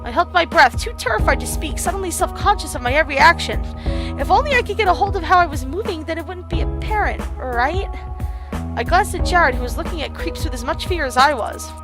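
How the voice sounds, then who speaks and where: A woman streamer reads a visual novel aloud in an expressive way, breaking into loud, excited outbursts. Her voice is high, and game music plays clearly behind her. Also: a little fast.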